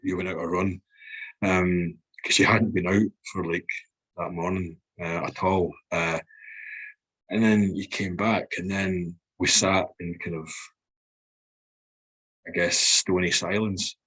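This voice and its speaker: A man's voice: deep voice, level tone, slow, long pauses, fairly bright tone, slightly rough, low-quality recording. A man with a Scottish accent, a guest speaking frankly and reflectively in a podcast conversation, swearing freely.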